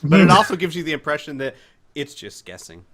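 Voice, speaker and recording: A man's voice: a little high, fairly quick, fairly bright tone, a little hiss or hum. A man narrating as game master of a tabletop game, talking in a hesitant, stop-start way.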